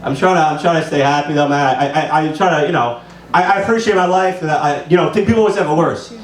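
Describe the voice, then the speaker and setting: A man's voice: fairly high pitch, fast talker, slight background noise. A young man in his twenties doing loose, profane, rambling open-mic stand-up in a small club. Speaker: stand-up comedian. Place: small comedy club stage. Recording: roomy room sound from a distance.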